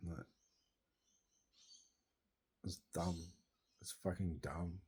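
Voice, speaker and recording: A man's voice: low-pitched, fairly even intonation, drawn-out words, a little mellow, a little hiss or hum. Sweary Australian man venting. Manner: sweary, rambling, agitated. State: grieving, distressed. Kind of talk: angry venting monologue.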